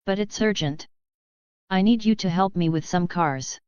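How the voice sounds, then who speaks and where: A woman's voice: medium pitch, a little slow, a little mellow, clean tone, no echo, dull audio, lightly acted. A woman voicing a bald, muscular male street racer who speaks bluntly and directly in a storybook reading.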